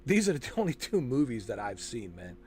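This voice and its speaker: A man's voice: medium pitch, sing-song, a little fast. A man hosting a game walkthrough, chatting loosely and rambling, throwing in "man" and "dude" and correcting himself as he hunts for names. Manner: frequent fillers and self-corrections while searching for names. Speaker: gaming channel host. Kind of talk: casual chat over a game walkthrough.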